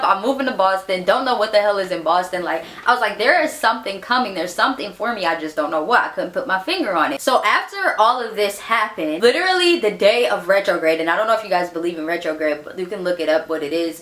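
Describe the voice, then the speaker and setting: A young woman in her twenties telling a story in a casual vlog, chatty and animated, acting out the people she quotes. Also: mid-range voice, echoey room. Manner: chatty, animated, acts out quoted voices, frequent "like", laughs. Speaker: vlogger.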